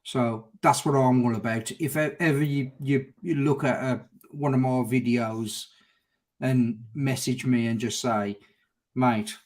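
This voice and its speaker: A man's voice: mid-range voice, fairly even intonation, a little slow, a little mellow. A middle-aged man with a Birmingham accent, a guest on a casual live stream, chatting openly and restarting his words, calling people mate. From Birmingham area, England. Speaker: guest, motorcycle vlogger.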